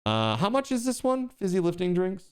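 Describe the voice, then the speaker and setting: Male streamer, excitable, with a clear, resonant voice that swings widely in pitch; yelps and laughs while playing. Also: normal speed. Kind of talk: live gaming stream chat.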